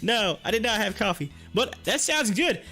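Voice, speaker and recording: A man hosting a live stock-market stream, chatting excitably with his viewers and reading their comments aloud. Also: high voice, normal speed, faint music behind.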